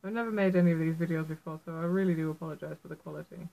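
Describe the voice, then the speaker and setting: A woman's voice: low voice, fairly even intonation, rapid-fire, creaky, dark tone, poor audio. A woman with a Yorkshire accent giving a casual how-to tutorial on needle felting, chatty and self-deprecating, making apologetic asides as she works indoors at home. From Yorkshire, England. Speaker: felt artist teaching a tutorial.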